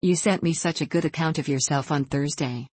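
A woman voicing a patient, sensible young woman who speaks calmly and reasonably in a storybook reading. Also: deep voice, brisk, breathy edge, no echo. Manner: calm, reasonable.

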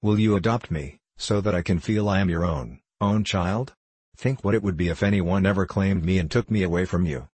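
A man's voice: low-pitched, brisk, a little mellow, slightly rough. A man voicing a clever, calculating orphan girl in an audiobook, speaking in an imploring, intense way.

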